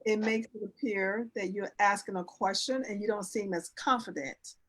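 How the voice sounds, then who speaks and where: Speaking at a normal speed in a medium-pitched, fairly bright voice, a woman who works as an etiquette and image consultant explains her subject in a relaxed interview. She is earnest and instructive, drawing on everyday examples, demonstrating how sentences should end, and frequently starting over.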